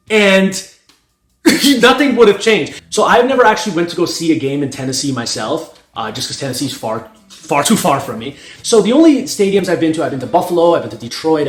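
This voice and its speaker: A young North American man, a strength coach, giving a blunt, profane opinion monologue and laughing at his own points. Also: mid-range voice. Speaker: strength coach and channel host. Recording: echoey room with faint music.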